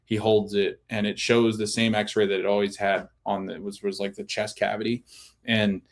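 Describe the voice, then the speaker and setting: A man hosting a podcast, giving a casual, animated recap of a TV episode with many restarts. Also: on the low side, moderate pace. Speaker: podcast host.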